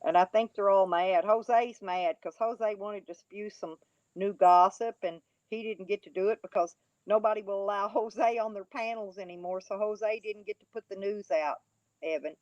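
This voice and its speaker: A woman's voice: mid-range voice, normal speed, darkish tone, no room sound. Livestream host, woman, mocking and laughing, dry and slightly dull sound. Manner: mocking, taunting, laughing often. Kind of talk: casual livestream chat, reading and answering chat.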